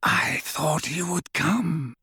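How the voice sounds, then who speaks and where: A man voicing a cold, menacing dark wizard with a high, clear voice, speaking slowly and softly. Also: no echo, clean studio sound, heavily acted. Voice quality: high, clear, soft and whispery. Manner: slow, hushed, drawn-out delivery.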